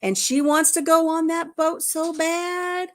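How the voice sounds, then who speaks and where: A woman's voice: very high voice, steady tone, a little slow, pitched above the performer's own voice. A woman voicing a stranger who blesses a coin in the fervent, exclaiming manner of a revival preacher.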